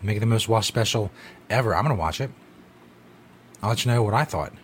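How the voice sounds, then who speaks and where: A man's voice: on the low side, lively intonation, a little fast, a little hiss or hum. A man hosting a podcast, giving profane, ranting commentary in a casual talk. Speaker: podcast host.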